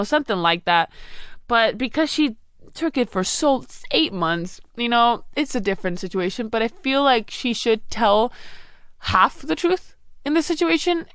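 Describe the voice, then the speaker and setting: A woman's voice: mid-range voice, fairly bright tone, no echo. Rambling young woman podcast host. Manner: rambling, heavy use of "like" and "you know". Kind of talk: casual advice chat.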